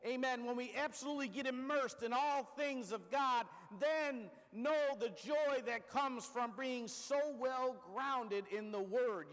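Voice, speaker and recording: A man preaching a sermon. He punctuates his lines with "Amen?", speeds through everyday examples and slows on key phrases, dropping low at the ends. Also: fairly bright tone, big-room sound.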